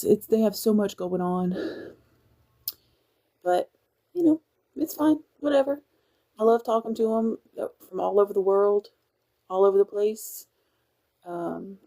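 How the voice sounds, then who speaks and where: Chatty woman, mellow voice. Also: lowish voice. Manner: chatty and upbeat, with frequent restarts. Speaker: cook on a military base. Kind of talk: casual livestream chat.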